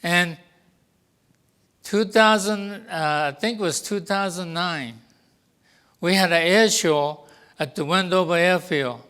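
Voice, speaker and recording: Slow, clear older man. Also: high voice, sharp tone. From Japan. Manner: deliberate, acts out quoted dialogue. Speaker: guest speaker. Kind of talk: personal storytelling to an audience.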